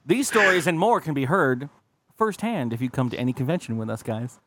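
Animated swearing podcast host man. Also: mid-range voice, fairly quick. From California. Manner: rambling, swears a lot, acts out quoted people. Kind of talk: casual profane storytelling.

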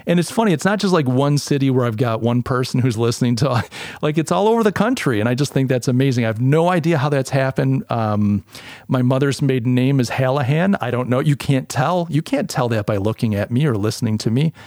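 A man's voice: medium pitch, animated, fairly quick, a little mellow, dry recording, studio quality. A man from the United States hosting a podcast, talking in a casual, opinionated, rambling monologue with frequent restarts. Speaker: podcast host.

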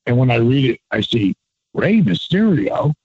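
A man's voice: mid-range voice, very animated, moderate pace, a little mellow, breathy edge, lo-fi sound. A man in his sixties, a former pro wrestler and guest, telling stories with profanity and emphasis. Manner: profane, emphatic, laughs often. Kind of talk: animated storytelling.

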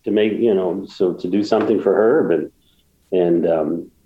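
A man's voice: low voice, normal speed, reverberant, lo-fi sound. A man guest telling a story in a casual interview, rambling with many restarts and getting emotional. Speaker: guest, golf course builder.

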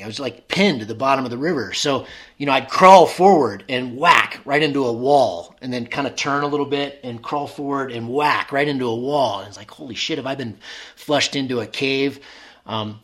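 A man's voice: mid-range voice, a bit bright. A man telling a long personal story in casual conversation, rambling with many fillers and restarts.

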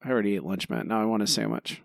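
A man's voice: fairly low pitch, steady tone, racing, gravelly, no echo, studio quality. Exasperated man with a Philly accent. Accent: Philadelphia. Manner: exasperated, ranting. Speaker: podcast co-host. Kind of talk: casual podcast chat.

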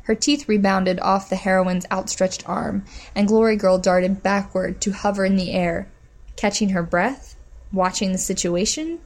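A woman reading a storybook aloud as narrator, in a steady, measured manner. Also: medium pitch. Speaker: audiobook narrator. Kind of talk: scripted narration.

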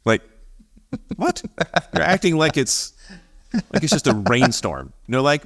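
A man co-hosting a podcast, telling a story in casual chat, animated, acting out the voices of the people he quotes and laughing often. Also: medium pitch, unhurried, creaky, long pauses. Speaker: podcast co-host.

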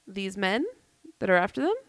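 A woman co-hosting a chatty podcast, laughing often as she retells a strange tale. Her voice sits at a middle pitch and sounds close and dry, with hardly any room. She drops into quick quoted voices for the people in the story. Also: very animated, no room sound. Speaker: podcast co-host. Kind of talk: casual storytelling chat.

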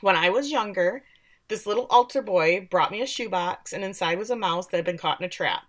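A woman putting on a priest who speaks with unsettling calm and plain, matter-of-fact ease. He sounds like a neighborly guy telling a story, which makes his words feel off. His pitch sits at an ordinary middle height. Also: fairly quick, close to an everyday voice. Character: calm male priest, eerie and chatty.

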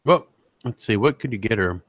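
A man's voice: fairly low pitch, animated, a little fast, breathy edge, dry recording. A man co-hosting a casual podcast, joking and profane, often slipping into put-on voices. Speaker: podcast co-host. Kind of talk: casual chat.

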